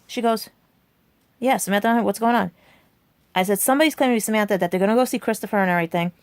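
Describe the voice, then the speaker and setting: A woman's voice: fairly high pitch, quick pace, darkish tone, no room sound. A woman in her forties telling a rambling personal story to her viewers, chatty and full of asides like "right?" and "and everything". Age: 40s. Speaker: vlogger.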